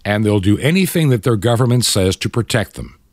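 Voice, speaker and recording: A man's voice: on the low side, lively intonation, fairly quick, no room sound, studio quality. An older man from the United States hosting Christian talk radio, with impassioned, preachy commentary. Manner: impassioned, preachy, mocks opponents in quoted voices. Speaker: radio talk show host.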